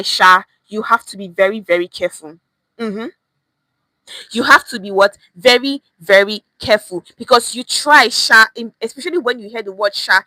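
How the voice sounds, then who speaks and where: A woman's voice: on the high side, pushed and bright, no echo. A young woman with a Nigerian accent teaching a chatty online language lesson, repeating phrases and dropping in pidgin words.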